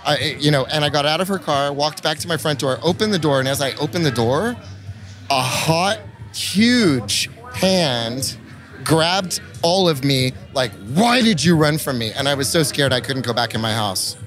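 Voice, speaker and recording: A man with a somewhat high voice tells a wild anecdote as a podcast guest, with faint music behind him. He is expressive and swears freely, and he acts out the quotes with real flair. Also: moderate pace. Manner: expressive and profane, with lively acted-out quotes. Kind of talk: animated anecdote-telling in an interview. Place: trade show convention.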